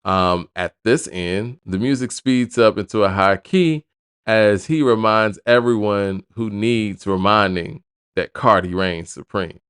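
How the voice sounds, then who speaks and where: A man's voice: on the low side, a little slow, a bit bright, clean tone, no room sound, clean studio sound. A man hosting a hip hop news show, reading an album review aloud and breaking off into casual asides.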